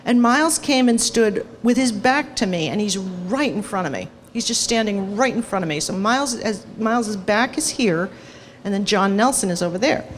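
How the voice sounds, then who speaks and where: Woman, guest speaker, animated storyteller, somewhat high voice, long hall reverb. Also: a little hiss or hum. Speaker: guest, former sound engineer. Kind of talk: storytelling on stage.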